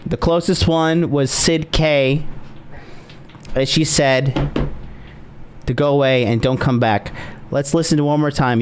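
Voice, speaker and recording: A man hosting reaction commentary, crude and excitable, stammering through his points. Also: a little high, slow, long pauses, noisy background. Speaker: host.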